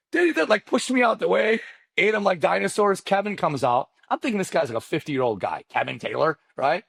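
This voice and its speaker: A man in his forties, not a native English speaker, telling his story as a podcast guest in a lively, casual way full of slang. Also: a little fast, gravelly, slightly rough, no echo. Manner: lively, acts out quoted dialogue with big pitch jumps; casual slang, addresses host directly. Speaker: podcast guest, mortgage loan officer. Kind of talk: animated storytelling in a podcast interview.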